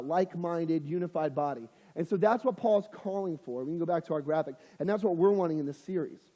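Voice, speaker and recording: Youth pastor preaching in a reverberant hall. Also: male voice, high voice, warm tone. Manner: conversational, acts out quoted voices. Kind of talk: casual youth sermon.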